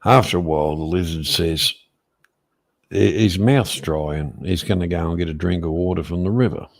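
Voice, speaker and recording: A man in casual chat, slowly telling a long joke and losing his thread. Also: deep voice, creaky. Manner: slow, meandering storyteller who loses his thread.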